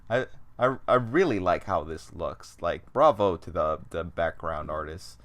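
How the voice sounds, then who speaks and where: A man's voice: sits low, animated, measured pace. A man co-hosting a casual podcast, animatedly retelling scenes and acting out quotes. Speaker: podcast co-host. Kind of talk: casual chat.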